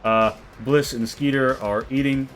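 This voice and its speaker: A man's voice: mid-range voice, steady tone, measured pace, fairly bright tone, faint music behind. A man narrating as game master for a tabletop role-play, in a loose, rambling way with many fillers.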